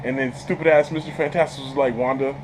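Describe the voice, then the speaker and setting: Excitable, slangy man reviewing a film. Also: fairly high pitch, quick pace, a little hiss or hum, rough recording. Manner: excitable storyteller, stammers repeated words, laughs often, slangy. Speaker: channel host reviewing a film. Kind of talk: casual spoiler movie review.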